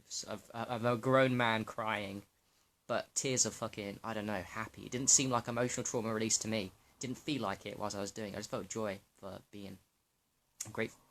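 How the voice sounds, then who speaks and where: A man's voice: on the low side, fairly even intonation, normal speed, a bit bright. A young man talking to camera in a loose, rambling way, swearing freely and often restarting his sentences. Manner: loose, profane and rambling, with many restarts and fillers. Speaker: health vlogger. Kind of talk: casual rambling monologue to camera.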